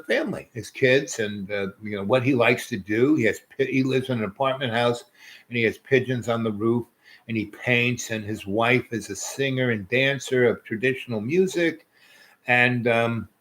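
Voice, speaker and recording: A man spins a loose, rambling story at a middling pitch. He doubles back on his words, trails off, and chuckles through it, with an unhurried, conversational flow. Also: a bit bright. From New York. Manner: meandering, repeats words, chuckles often. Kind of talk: rambling personal anecdote.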